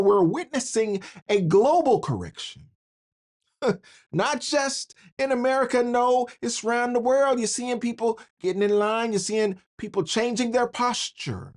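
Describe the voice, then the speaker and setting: Animated woman with slangy political commentary. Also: medium pitch. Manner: animated, slangy, laughs between phrases. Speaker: commentary channel host.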